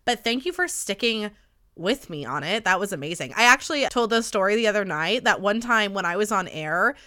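A woman's voice: mid-range voice, lively intonation, brisk, pushed and bright. A woman in her late twenties hosting a podcast in casual chat, gossipy, rambling and swearing freely, her voice stuffy and nasal from a cold. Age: late 20s. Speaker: podcast host.

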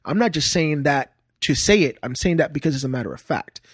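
30 yr old guy from puerto rico, comedian guest, cusses a lot, animated, dry close mic. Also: on the high side, fairly quick, slightly rough, no room sound. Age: 30s. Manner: animated storyteller, swears freely. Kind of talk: casual podcast chat.

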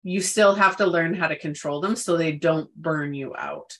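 A woman's voice: low voice, moderate pace. A woman co-hosting a casual wellness chat, who talks emphatically and repeats words for stress. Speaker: podcast co-host.

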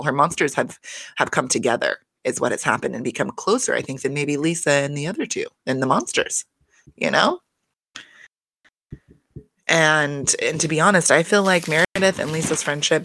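A woman's voice: sits low, a bit bright, dry recording. A woman giving a casual, chatty recap of a reality show, swearing freely and laughing between points.

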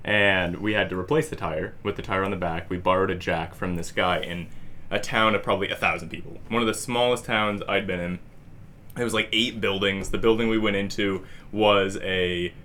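A man's voice: fairly low pitch, bright, forceful tone, slight background noise. A man co-hosting a podcast, telling a long story casually with lots of "like" fillers. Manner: rambling, heavy use of "like". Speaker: podcast co-host.

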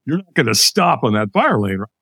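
An older American man, a podcast guest, telling a personal story in an animated way and acting out the lines of other people. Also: medium pitch, fairly quick, breathy edge, dry recording, studio quality. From United States.

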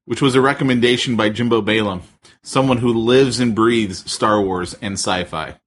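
A man's voice: lowish voice, normal speed, slight background noise. A man co-hosting a podcast, chatting casually and joking with his co-host. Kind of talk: casual chat.

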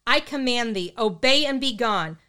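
A woman voicing a stern, forceful male priest who booms out commands to cast out a spirit. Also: normal speed, clear, resonant tone. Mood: booming command. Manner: booming commands, stern and flat.

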